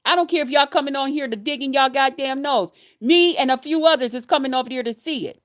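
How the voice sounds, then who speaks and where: High-voiced woman in a cussing rant. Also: fast talker, a bit bright. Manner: heated, cussing, insulting, emphatic. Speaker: nurse and vlogger. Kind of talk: angry profane rant to camera.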